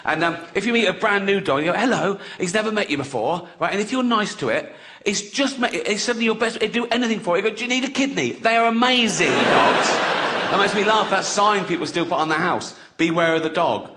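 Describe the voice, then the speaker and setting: A man's voice: high voice, expressive, a little fast, sharp tone. A man doing a stand-up comedy routine, sardonic and profane in a chatty way.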